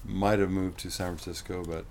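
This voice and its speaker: A man's voice: low-pitched, level tone, brisk, a little mellow, a little hiss or hum. A man in casual conversation, rambling in a folksy way and often saying "man".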